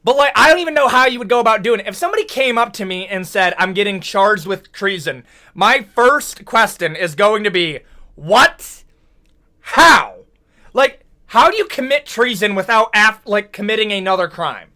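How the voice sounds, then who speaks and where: A man's voice: sits high, brisk, hardly any pauses. A young American man ranting and joking in casual commentary, full of slang and mock outrage. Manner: animated, joking, rants with slang like "brother, what?". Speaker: video commentator.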